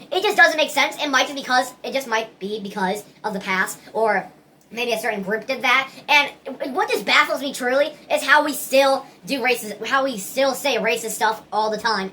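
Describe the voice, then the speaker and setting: Bright-voiced woman rambling earnestly. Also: fairly high pitch, a little hiss or hum. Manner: earnest, rambling, many restarts. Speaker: vlogger. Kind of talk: casual opinion monologue.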